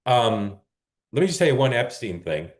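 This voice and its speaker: A man's voice: mid-range voice, very animated, normal speed, reverberant. A man hosting a live political talk show, chatty and rambling, often correcting himself. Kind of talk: casual live-stream talk.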